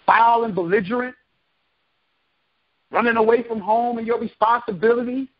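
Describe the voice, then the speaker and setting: A man's voice: very high-pitched, fairly even intonation, normal speed, lo-fi sound. A man preaching from scripture, reading verses aloud and breaking into casual slangy commentary. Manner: reads verses then breaks into slangy asides. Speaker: street preacher.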